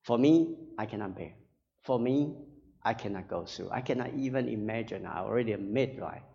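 Male pastor, sermon, halting and earnest, lively pitch, muffled hall recording. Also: gravelly. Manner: halting, earnest, tags phrases with "right?". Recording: dull sound with long hall reverb.

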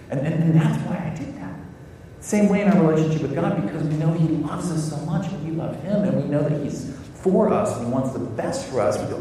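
American pastor preaching in an echoey hall. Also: male voice, fairly high pitch, a little fast, warm tone, distant mic, slight background noise. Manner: earnest, repeats words while searching for phrasing. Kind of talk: sermon.

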